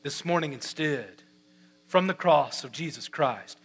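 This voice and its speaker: A man's voice: a little high, expressive, unhurried, breathy edge. A man preaching a sermon with passion, asking repeated rhetorical questions. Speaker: pastor.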